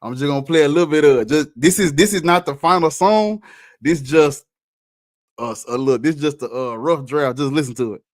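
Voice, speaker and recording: High-voiced male rapper, blunt and profane, breaks down his own verse over a faint beat in a dry room. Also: brisk, no echo. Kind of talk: casual commentary over his music. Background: faint hip hop beat.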